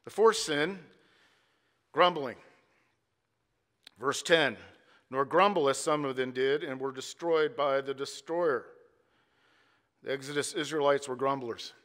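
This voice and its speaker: A pastor preaching a sermon with emphatic delivery and rhythmic repetition. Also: male voice, medium pitch, a little slow, long pauses, fairly bright tone. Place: church sanctuary. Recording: long church reverb.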